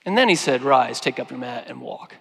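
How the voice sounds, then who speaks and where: A man preaching a sermon, earnest, slowing down and growing quiet when he quotes scripture. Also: mid-range voice, huge pitch swings, breathy edge. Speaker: pastor. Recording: long hall reverb.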